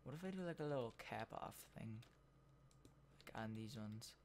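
A gameplay video host giving casual commentary while building, thinking out loud and trailing off mid-sentence. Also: medium pitch, animated, normal speed, slight background noise.

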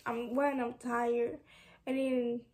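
High-voiced young woman venting frustration. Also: flat delivery, slow pace, darkish tone. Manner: frustrated, candid, rambling with restarts. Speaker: vlogger. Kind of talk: casual venting to camera.

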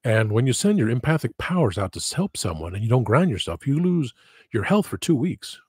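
Husky man rambling on a livestream. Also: mid-range voice, sing-song, a little fast, a little mellow, dry recording, studio quality. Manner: rambling, digressive, self-deprecating. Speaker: livestream host. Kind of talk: casual livestream chat.

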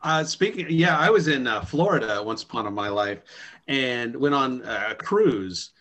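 A man's voice: mid-range voice, expressive, a little slow, fairly bright tone. A man on a comedy panel telling a meandering anecdote with dry asides. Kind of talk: improvised comedy chat.

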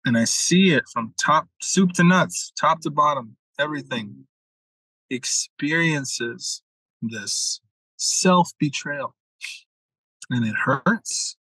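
A man's voice: on the high side, expressive, slow pace, sharp tone, slightly rough, no echo, low-quality recording. A young adult man, a mentor, telling a story in a casual podcast talk, acting out quotes and swearing freely. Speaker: masculine leadership mentor, guest.

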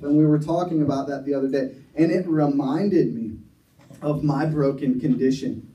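A man's voice: mid-range voice, moderate pace, dark tone. A man preaching a sermon at a recovery ministry, telling a story earnestly and often restarting his sentences. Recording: echoey room, mic far off.

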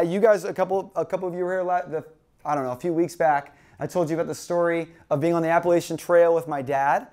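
A young male pastor with a slightly high voice tells a story in a sermon. He laughs at himself and acts out his own panic as the story goes on. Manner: animated, self-mocking storyteller acting out his panic.

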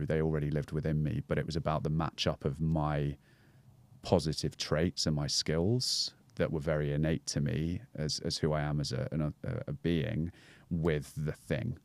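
A man's voice: rumbling low, a little mellow, dry recording. A man speaking as a guest on a podcast, talking about breathwork in a reflective way and searching for his words as he goes.

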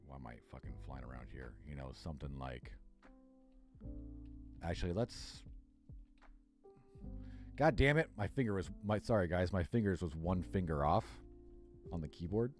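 A man's voice: low-pitched, sing-song, normal speed, long pauses, faint music behind. A man livestreaming on a headset, thinking aloud as he works and swearing freely. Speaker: streamer. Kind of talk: casual livestream chat while working.

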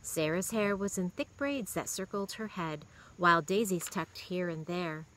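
A woman reading a children's novel aloud in a steady, expressive way. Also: lowish voice, unhurried, rough recording. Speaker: reader.

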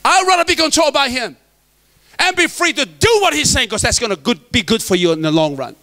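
High, bright-voiced pastor. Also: male voice, lively intonation, a little fast. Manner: emphatic, joking, preaching to the men. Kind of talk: sermon.

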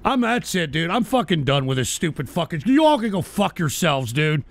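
A man hosting a livestream, reading viewer donations and swearing at his chat, often shouting angrily. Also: fairly high pitch, sing-song, moderate pace. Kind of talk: profane livestream rant.

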